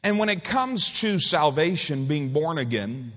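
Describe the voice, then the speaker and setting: Folksy pastor guy preaching, kinda high voice, long echo in the church. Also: big pitch swings, a little slow, fairly bright tone. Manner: folksy, joking storyteller. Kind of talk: sermon. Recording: reverberant church hall.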